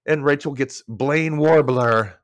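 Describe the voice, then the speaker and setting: A man's voice: slow pace, dry recording. A man hosting a podcast, chatting casually through an episode recap and acting out characters' lines. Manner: animated, acts out characters' lines with big pitch jumps. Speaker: podcast host.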